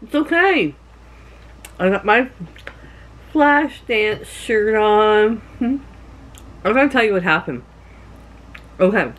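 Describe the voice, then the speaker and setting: A middle-aged woman from Canada chatting to her camera at home, rambling through stories with laughs. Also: medium pitch. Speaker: vlogger. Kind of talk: casual chat to camera.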